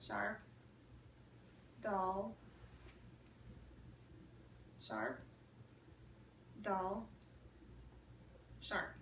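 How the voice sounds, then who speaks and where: A woman answers in short, slow, soft words, her voice bright and a bit tense. She sounds distant in an echoing room, with faint noise around her. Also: mid-range voice, expressive, gravelly. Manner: brief soft replies. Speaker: patient in a demo exam. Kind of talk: short answers in an exam demonstration. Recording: echoey room from far off.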